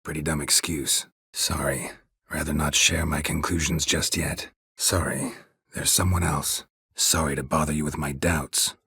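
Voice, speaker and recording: An actor voicing a gruff, terse middle-aged male monster hunter in a video game, speaking in short, flat, clipped lines. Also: a little slow, no echo, exaggerated voice. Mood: curt. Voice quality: very husky, low gravelly voice. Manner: clipped, flat, laconic delivery. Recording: dry studio booth.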